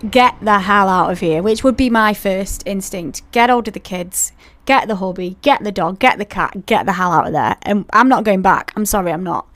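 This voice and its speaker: A woman hosting a podcast, telling a paranormal story in a chatty way and talking straight to her listeners with asides. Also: mid-range voice. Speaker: podcast host.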